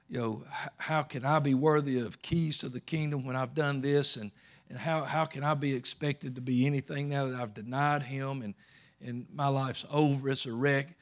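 A man preaching a sermon, swinging between loud emphatic peaks and low soft storytelling, often repeating words and restarting. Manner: rising to loud emphatic peaks, then dropping low and soft while retelling scripture.

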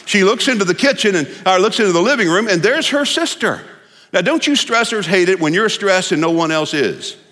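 A man preaching in a folksy, joking storytelling manner. His voice sits fairly high and sounds bright and forceful. A long reverb from the church sanctuary trails every phrase. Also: lively intonation, a little fast. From Texas. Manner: folksy, humorous storytelling with repetitions. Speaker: pastor. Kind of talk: sermon.

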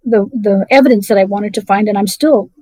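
A middle-aged woman telling her personal story as an interview guest, halting and full of restarts. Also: medium pitch, warm tone, no room sound, low-quality recording. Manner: halting, many restarts and fillers.

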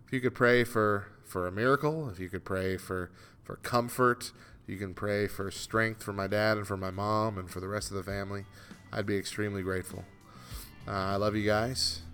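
A man's voice: fairly low pitch, a bit bright. A man hosting a solo morning radio show, ranting in an exasperated, self-mocking way, with a dry throat. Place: radio studio.

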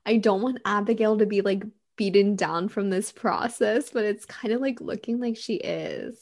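A woman co-hosting a podcast, chatting animatedly about a reality show, quick to laugh. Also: mid-range voice, gravelly, darkish tone. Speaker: podcast co-host. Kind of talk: casual chat recapping a reality show.

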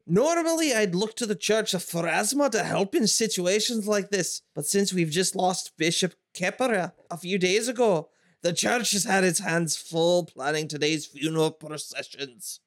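A man's voice: sits high, normal speed, a bit bright, no room sound, clean studio sound. A man voicing a formal queen with a put-on Scottish accent in a tabletop game. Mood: grave. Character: stern middle-aged queen, woman ruler. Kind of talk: tabletop role-play.

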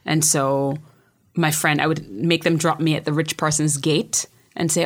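Low-voiced Jamaican woman telling her story. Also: little pitch movement, unhurried. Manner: emphatic, repeats words when starting sentences. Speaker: poet and memoirist guest. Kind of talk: candid personal storytelling.

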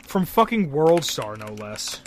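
A young man from Pennsylvania co-hosting a casual podcast, rambling and excitable and swearing a lot. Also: on the high side, a little slow, a little hiss or hum. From Pennsylvania, USA. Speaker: podcast co-host.

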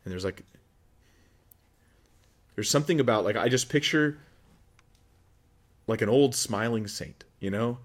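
Pastor, male, mid pitch, conversational sermon delivery, animated asides. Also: unhurried, pauses often. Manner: conversational, animated, acts out quoted voices.

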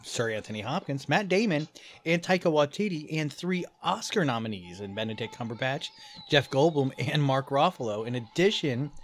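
Co-host, male, mid-pitched, dry matter-of-fact delivery, casual movie chat. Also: animated, moderate pace.

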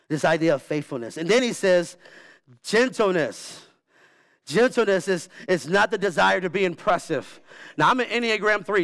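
Animated high-voiced male preacher. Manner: animated preaching with shifting pitch, repeats words for emphasis. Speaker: pastor. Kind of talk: sermon. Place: church.

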